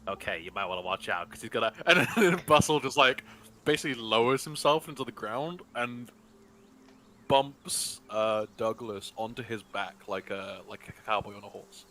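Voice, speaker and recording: A man's voice: fairly low pitch, normal speed, pushed and bright. A man in casual play at a tabletop game, rambling and laughing as he talks. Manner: rambling, full of fillers and laughs.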